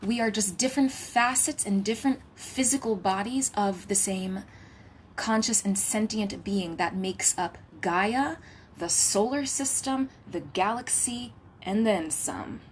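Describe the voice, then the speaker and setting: Her pitch medium and her pace a little slow, a woman spiritual healer records a channeled message at home. The delivery is reverent and litany-like, with occasional hushed whispers and playful asides, and slight background noise.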